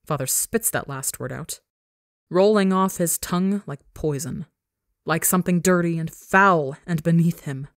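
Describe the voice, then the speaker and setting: A woman's voice: low-pitched, no room sound, clean studio sound. A woman narrating a dramatic fan fiction story for a podcast in an intense storytelling manner.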